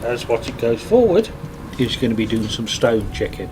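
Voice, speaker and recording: A man's voice: mid-range voice, big pitch swings, moderate pace, noisy background. A man playing a tabletop game who talks about his character in a playful, casual way. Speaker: player.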